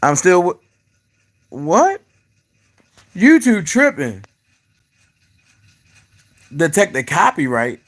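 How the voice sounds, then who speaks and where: A man's voice: sits high, wildly swooping pitch, drawn-out words, long pauses, a bit bright. A man with hosting a live call-in stream, joking and boastful in casual chat.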